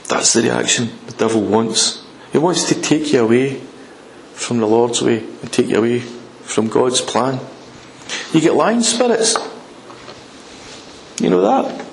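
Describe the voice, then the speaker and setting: Emphatic preacher in an echoey hall. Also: male voice, fairly high pitch, vocal fry, slight background noise. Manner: emphatic, repeats points, swings between loud and hushed. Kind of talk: sermon.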